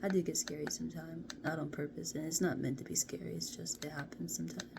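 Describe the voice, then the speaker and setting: A woman doing a casual card reading to camera, chatty and playful, often dropping into soft half-whispers. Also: deep voice, fast talker, gravelly. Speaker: card reader. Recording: steady background noise.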